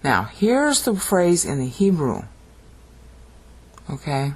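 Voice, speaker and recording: Husky-voiced teacher who keeps asking "okay?". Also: mid-range voice, sing-song, slow. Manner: explanatory, often checks in with "okay?"; chants ancient phrases with dramatic rising emphasis. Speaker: Bible language teacher. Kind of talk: video lesson on screen slides.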